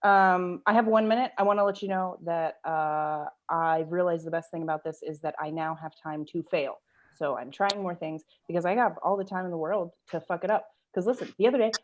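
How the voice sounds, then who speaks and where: Low-voiced woman doing wry stand-up. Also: a little mellow, dull audio. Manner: wry, self-mocking punchlines. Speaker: stand-up comedian. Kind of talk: stand-up set. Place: at home on a video call. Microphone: video call.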